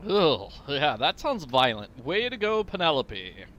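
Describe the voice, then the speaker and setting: A man's voice: fairly high pitch, huge pitch swings, unhurried, a bit bright, slight background noise. A man hosting a let's-play, giving casual, wry commentary with joking asides to the viewer.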